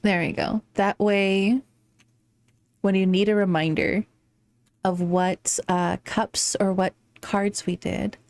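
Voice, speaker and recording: A woman's voice: mid-range voice, little pitch movement, slow, darkish tone, dry recording. A young woman streaming live, chatting casually and affectionately with viewers, giggling and slipping into playful baby talk between tarot readings.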